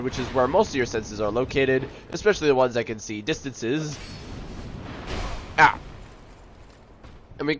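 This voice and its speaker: A man's voice: medium pitch, a bit bright, lo-fi sound, slight background noise. A young man giving live commentary on a video game, exclaiming and joking about his own failures. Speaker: video game let's player.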